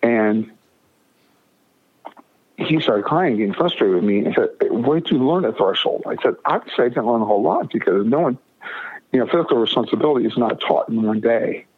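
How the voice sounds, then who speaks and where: A man's voice: medium pitch, lively intonation, moderate pace, husky. A man telling a personal story as an interview guest, emphatic and often repeating or restarting his phrases. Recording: narrow phone-like radio audio.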